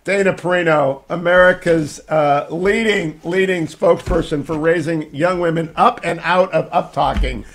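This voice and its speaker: A man's voice: on the high side, moderate pace, few pauses, fairly bright tone. A man in his sixties hosting a radio talk show, joking and bantering with his guests. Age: 60s. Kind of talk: casual radio interview.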